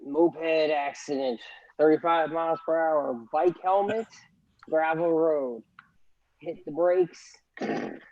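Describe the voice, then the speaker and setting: A man's voice: fairly high pitch, lively intonation, takes it slowly, dry recording, muffled recording. A young man in casual chat, telling a story animatedly and acting out quotes, laughing often.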